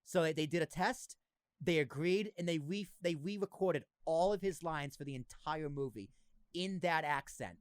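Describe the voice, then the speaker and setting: A young man hosting a podcast, chatting casually in an excitable, joking way with frequent swearing. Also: a little high, normal speed, smooth, no room sound. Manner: excitable, swearing, riffs and jokes. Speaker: podcast host.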